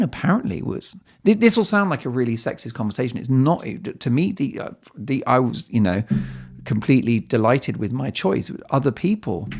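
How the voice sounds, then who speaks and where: His mid-range voice is gravelly and darkish in tone. This middle-aged solo podcast host, slightly lightheaded, spins self-deprecating stories in a casual, chatty monologue full of playful asides.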